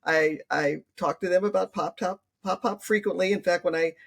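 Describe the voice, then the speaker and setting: A woman's voice: lowish voice, fairly even intonation, normal speed, vocal fry. An older woman, a grandmother, talking earnestly as an interview guest and acting out what her family says. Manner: earnest, acts out family quotes. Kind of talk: conversational interview.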